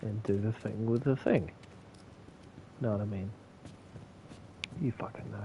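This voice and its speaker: Gravelly-voiced New man streaming a game. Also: lowish voice, measured pace, noisy background. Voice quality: slight lisp, mumbles. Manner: profane, laughing, jokey. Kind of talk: casual live gameplay commentary.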